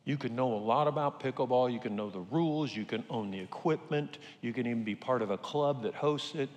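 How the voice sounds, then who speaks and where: A man's voice: medium pitch, brisk, a little mellow. An older man preaching a sermon to a congregation in a conversational, joking way. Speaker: pastor. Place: church sanctuary. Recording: reverberant church hall.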